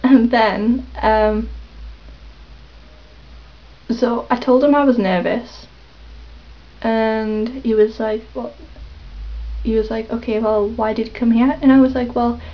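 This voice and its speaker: A woman rambling hesitantly in a casual confessional vlog, with lots of pauses and ums. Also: on the high side, steady tone. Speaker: vlogger. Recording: dull lo-fi webcam audio.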